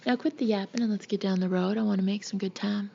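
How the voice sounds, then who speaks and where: A woman's voice: medium pitch, fairly even intonation, fast talker, vocal fry, mellow. A woman voicing a blustering, mocking Marine fighter pilot father in a whispered audiobook reading, on a dull, muffled recording. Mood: gruff.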